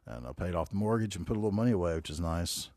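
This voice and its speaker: A North Carolina man in his forties with a Southern accent hosts a solo podcast, rambling casually and profanely in laid-back storytelling. His low, a little mellow voice is animated and racing, recorded clean in the studio with no room sound.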